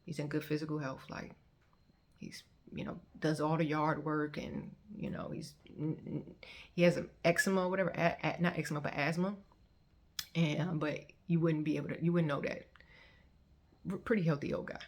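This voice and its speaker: Gravelly-voiced woman telling her testimony. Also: low-pitched, normal speed. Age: 30s. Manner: conversational, animated when quoting others. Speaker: testimony vlogger. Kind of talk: personal testimony storytelling.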